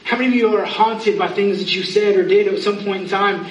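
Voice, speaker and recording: A man's voice: high voice, brisk, dull audio, slight background noise. A pastor in his thirties giving an earnest, pleading sermon, with self-mocking asides. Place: church sanctuary. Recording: echoey room, from far off.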